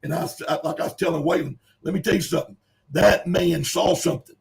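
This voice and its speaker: Gravelly older preacher. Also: male voice, on the high side, quick pace, darkish tone. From Kentucky. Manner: earnest, emphatic, plain-spoken. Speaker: preacher, guest. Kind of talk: folksy storytelling.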